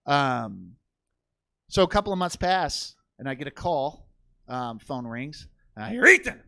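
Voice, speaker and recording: Performing stand-up on a comedy theater stage, a young man acts out the characters of a crude family story in voiced impressions, swearing all the way through. His voice sits in the mid-range, animated but measured in pace, with a creaky quality and no room sound around it.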